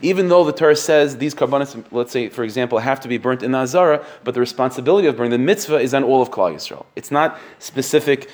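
Fast-talking man teaching a text lesson. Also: mid-range voice, a little mellow. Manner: quick, explanatory, repeats phrases, reads Hebrew sources aloud and translates. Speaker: Talmud teacher. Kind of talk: text-based shiur lesson.

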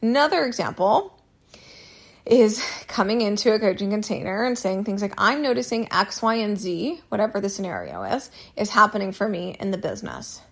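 A woman's voice: mid-range voice, very animated, moderate pace, gravelly. Woman host, solo advice podcast, casual and candid, some cursing. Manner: candid, repeats herself, mild swearing.

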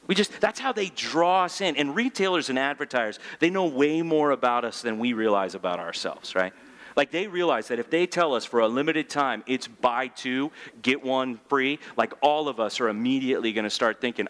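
A male pastor giving a sermon in church, joking and animated, asking the room rhetorical questions. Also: medium pitch, a little fast.

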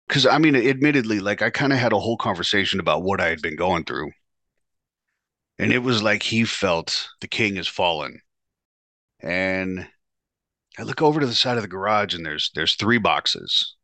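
A man hosting his own show, telling a raw personal story in a profane, animated way and acting out what he said back then. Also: sits low, dry recording. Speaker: podcast host telling his life story. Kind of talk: candid storytelling monologue.

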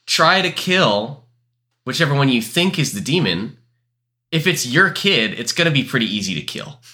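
A young man co-hosting a casual podcast, joking and laughing, then reading a scary story aloud slowly. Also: mid-range voice, sing-song, sharp tone. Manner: joking, laughs often, slow deliberate reading. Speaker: podcast co-host.

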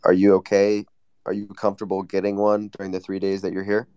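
A man's voice: monotone, quick pace, mellow, clean tone, dry recording. Guy hosting a chill group call, teasing everyone, dry close sound, does whiny impressions. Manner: teasing, mimics others in a high whiny voice. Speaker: host. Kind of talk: casual chat.

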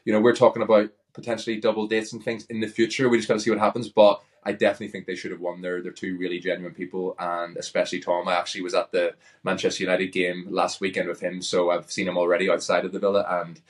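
Fast-talking deep-voiced Northern Irish man. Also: monotone. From Northern Ireland. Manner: easygoing, chatty, frequent "like" fillers. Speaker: guest, pro wrestler. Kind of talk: casual interview chat.

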